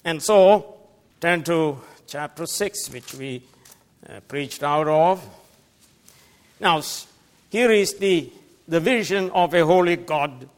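A man preaching a sermon as pastor, emphatic, swinging between loud declarations and quiet asides. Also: fairly high pitch, takes it slowly, pauses often. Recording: long reverb of a large hall.

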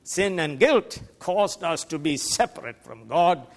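A man preaching a sermon as pastor, emphatic, swinging between loud declarations and quiet asides. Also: a little high, lively intonation, measured pace. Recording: long reverb of a large hall.

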